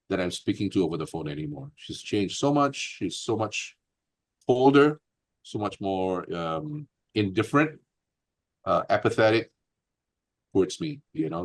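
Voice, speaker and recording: Deep-voiced man telling a grievance. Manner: earnest, aggrieved, many fillers and restarts. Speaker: interview guest. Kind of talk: candid personal storytelling.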